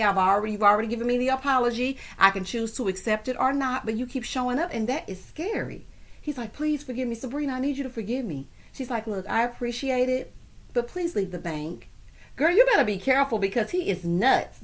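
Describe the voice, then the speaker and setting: A woman's voice: fairly high pitch, a bit bright. Sassy chatty woman recapping a show. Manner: sassy, chatty, laughs often. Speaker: TV recap host. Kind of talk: casual episode recap.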